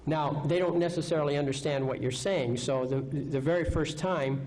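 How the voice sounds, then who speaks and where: A man's voice: a little high, normal speed, a little mellow, a little hiss or hum, rough recording. A man giving a live seminar lecture, confident, asking rhetorical questions and checking in with "okay?". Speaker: seminar speaker.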